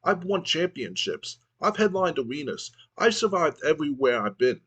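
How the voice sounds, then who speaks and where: A man's voice: a little high, big pitch swings, moderate pace, a bit bright, husky, dull audio, voice pushed up, full character voice. A man reading the lines of a bitter, brooding veteran male wrestler in a resentful, self-pitying monologue, raised above his own voice.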